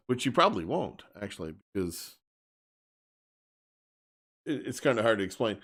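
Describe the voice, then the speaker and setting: A man's voice: medium pitch, lively intonation, normal speed, long pauses, a bit bright. A man hosting a live stream, speaking bluntly and emphatically in a casual rant and often repeating himself.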